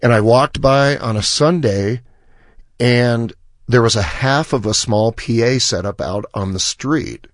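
A man's voice: medium pitch, unhurried, no room sound. Guy on a radio show telling an old story, doing everyone's lines, dead dry studio sound. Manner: animated storyteller who acts out quoted dialogue. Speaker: musician guest.

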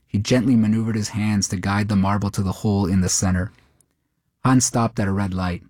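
A man narrating a short story in a steady, measured way. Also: fairly low pitch, no echo, clean studio sound.

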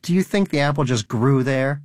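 A man's voice: medium pitch, expressive, normal speed, no echo, clean studio sound, pitched above the performer's own voice, natural voice. A man voicing a pious, bitter male pet rodent in a cage, talking in an earnest, preachy way.

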